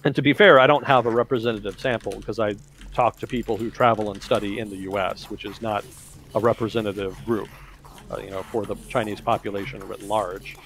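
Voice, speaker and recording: Gravelly low-voiced man explaining. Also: steady tone, brisk, a bit bright, a little hiss or hum. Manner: rambling, explanatory, heavy on "kind of" and "you know". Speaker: podcast host. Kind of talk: casual talk-show discussion.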